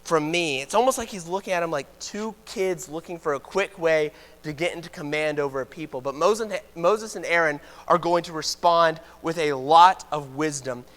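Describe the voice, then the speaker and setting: A man's voice: fairly high pitch, normal speed, few pauses, a bit bright, big-room sound. A man giving a conversational sermon as a preacher, informal with joking asides. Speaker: preacher teaching a Bible class. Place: church auditorium.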